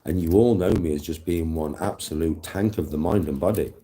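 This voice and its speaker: A man's voice: deep voice, a little fast, dark tone. A man livestreaming to his chat, talking intensely and emphatically with a lot of swearing.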